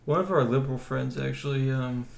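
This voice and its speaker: Gravelly man in an echoey room. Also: medium pitch, a little fast. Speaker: podcast co-host. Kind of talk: casual chat. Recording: echoey room with faint noise.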